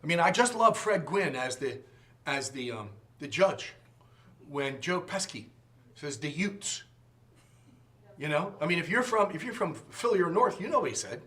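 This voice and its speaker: Lively man teaching a church class. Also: high-pitched. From from outside the region. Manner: animated, jokes and acts out quotes. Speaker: Sunday school teacher.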